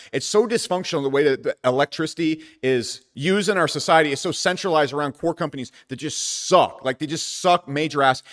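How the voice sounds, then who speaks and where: Man host, rapid casual commentary, brash and profane, long reverb tail on the voice. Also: medium pitch. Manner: brash and profane, with sudden loud bursts. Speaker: crypto channel host.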